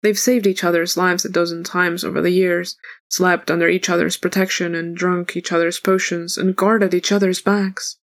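Woman reading fiction in an even, low voice. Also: normal speed. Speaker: audiobook reader. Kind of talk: fan fiction read aloud.

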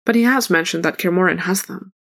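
A woman reading fan fiction aloud in an even, unhurried narrating voice. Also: on the low side. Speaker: audiobook reader.

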